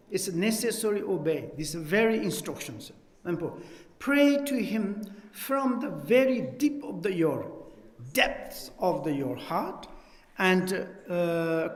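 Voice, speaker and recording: A man gives a Buddhist teaching in broken, searching English. His voice sits a little high and moves slowly and deliberately. It rings out with a long echo through a large hall. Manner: halting non-native English, searching for words. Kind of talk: dharma teaching talk. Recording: echoey hall.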